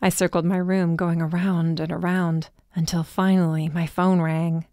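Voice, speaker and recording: A woman narrating a first-person audiobook in a measured, even way. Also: lowish voice, dry recording, studio quality.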